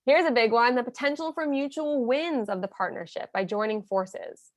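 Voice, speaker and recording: Emphatic woman coaching nonprofits, fairly high voice. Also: normal speed, no room sound, clean studio sound. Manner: emphatic, coaching tone, acts out sample messages. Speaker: nonprofit consultant. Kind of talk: instructional talk.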